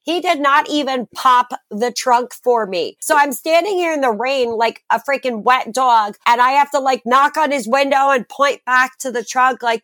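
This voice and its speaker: A woman's voice: high voice, normal speed, few pauses, fairly bright tone, dry recording, clean studio sound. A young woman co-hosting a podcast, telling a story in casual, profane chat. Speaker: podcast co-host.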